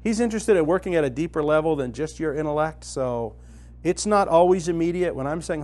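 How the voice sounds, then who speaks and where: Animated man telling a story to a group. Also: a little high, brisk. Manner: storytelling, animated, talks to the room directly. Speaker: retreat speaker. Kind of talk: conversational teaching talk. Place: meeting room with a live audience.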